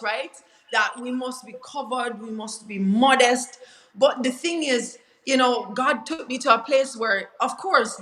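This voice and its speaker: A woman with a Jamaican accent speaks as an interview guest, sharing an earnest and confessional faith testimony. Her voice sounds bright and forward, and now and then she slides into patois. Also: on the high side, rough recording.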